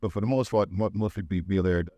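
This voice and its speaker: Lower-voiced man chatting in slang. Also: mellow, no room sound, clean studio sound. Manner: loose, halting, slangy. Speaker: podcast co-host. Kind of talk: casual chat. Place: cigar bar.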